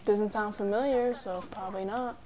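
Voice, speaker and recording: A woman's voice: medium pitch, steady tone, moderate pace, mellow. A young woman chatting casually with friends while playing a game, playful and giggly, breaking into silly sing-song bits. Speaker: gamer streaming with friends.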